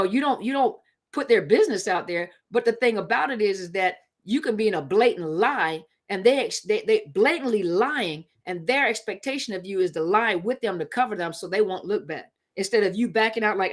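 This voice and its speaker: A woman talking straight to her viewers on a live stream, with a mid-range voice that's neither high nor low. She's conversational and emphatic, circling back to hammer her points home. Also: animated, fairly quick. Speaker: live-stream host on relationships. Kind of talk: casual live-stream talk.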